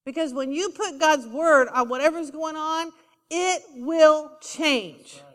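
Woman preacher, high voice, emphatic and repetitive, calls for amens, echoing church hall. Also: takes it slowly. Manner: emphatic, repeats key lines, asks the congregation for responses. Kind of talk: sermon.

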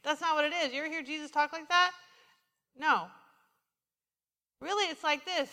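A woman delivers a sermon with a high, bright voice, slipping into the voices of people from her stories. Her words ring out with a long church-hall reverb behind them. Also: moderate pace, long pauses. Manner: animated storytelling, quoting herself and others. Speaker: preacher. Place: church sanctuary.

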